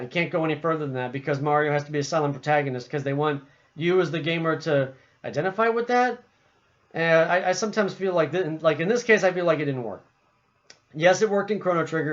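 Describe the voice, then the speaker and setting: A man giving a casual opinion monologue about a video game, rambling with frequent restarts and fillers. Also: fairly high pitch. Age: adult. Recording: muffled lo-fi recording.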